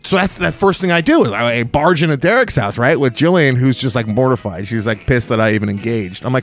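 A man's voice: mid-range voice, fast talker, hardly any pauses, faint music behind. A man from the Los Angeles area, hosting a podcast and telling a story in casual chat, full of fillers like "like" and "uh". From Los Angeles area, California. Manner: animated storyteller with many fillers. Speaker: podcast host.

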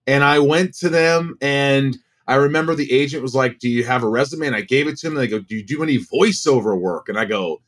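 A man in his forties, a guest actor, telling stories in a casual, animated way and acting out the voices he quotes. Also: medium pitch, fast, hardly any pauses. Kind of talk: casual storytelling.

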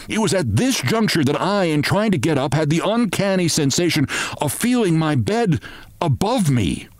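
A man hosting a podcast, reading a short story aloud in a measured, expressive way. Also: on the high side, dry recording. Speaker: podcast host.

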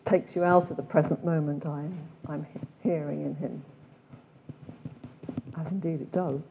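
A woman's voice: deep voice, fairly even intonation, a little slow, vocal fry, dark tone, big-room sound, slight background noise. An older woman with an English accent leading a retreat day, speaking reflectively and asking many questions. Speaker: retreat leader. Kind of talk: retreat talk with read-aloud quotations. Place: meditation centre room.

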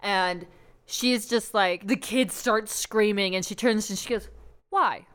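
Smooth-voiced profane woman podcaster. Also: medium pitch, a little slow. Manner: profane, animated storyteller who acts out quoted voices. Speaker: podcast co-host. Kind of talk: casual chat.

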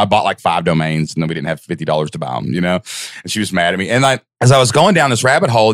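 Lively, animated man telling his story. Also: no echo, studio quality. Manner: excited, fast storytelling with jumps in pitch. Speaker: podcast guest.

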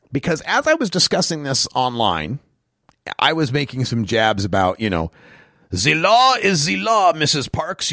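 A man's voice: medium pitch, a bit bright, dry recording, clean studio sound. A man hosting his own show, delivering an opinionated solo rant with emphatic, rising passion. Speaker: host of a cannabis politics rant show.

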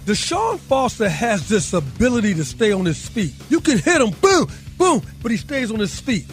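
High, excitable radio analyst man. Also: moderate pace, soft background music. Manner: emphatic, excited, playful slang. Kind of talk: interview.

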